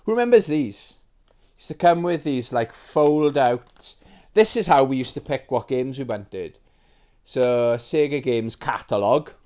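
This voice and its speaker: A British man in his forties, chatting casually through a show-and-tell of the games he grew up with. His voice sits at an ordinary middle pitch, and he rambles along with lots of fillers and asides. He turns excitable and sentimental as he talks. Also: measured pace. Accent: British English. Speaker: retro game collector host.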